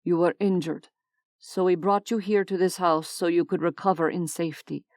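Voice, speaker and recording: A woman voicing a brooding male vampire who explains in a measured, soft way. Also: fairly low pitch, steady tone, dry recording, close to an everyday voice. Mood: calm.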